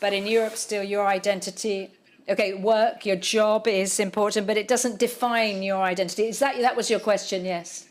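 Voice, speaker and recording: A woman's voice: medium pitch, steady tone, moderate pace. A woman novelist speaking at a public literary conversation, thoughtful and searching for her words. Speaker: novelist on a panel.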